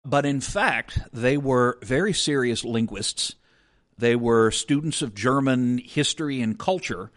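A man at an ordinary middle pitch, co-hosting a podcast. He talks in a casual educational way, laying out one example after another in turn. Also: lively intonation, unhurried, a bit bright. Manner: explanatory, walks through examples step by step. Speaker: podcast co-host.

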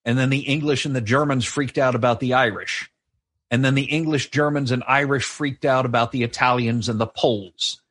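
A man's voice: medium pitch, steady tone, brisk, a bit bright, no echo. Sardonic man telling history. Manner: wry, sardonic storytelling. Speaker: podcast co-host. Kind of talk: casual history chat. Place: live show.

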